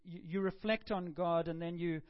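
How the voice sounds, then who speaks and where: A man's voice: on the high side, steady tone, normal speed, highs cut off. A man preaching a sermon in a conversational way, often stopping and repeating words.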